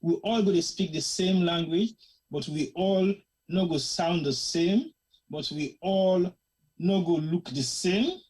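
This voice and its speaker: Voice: mid-range voice, takes it slowly, a little mellow, breathy edge, poor audio. A host from Sierra Leone with a Krio-tinged English accent, giving a passionate, emphatic commentary and slipping into Krio phrases. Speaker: host of a current-affairs discussion show. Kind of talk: opinionated commentary monologue.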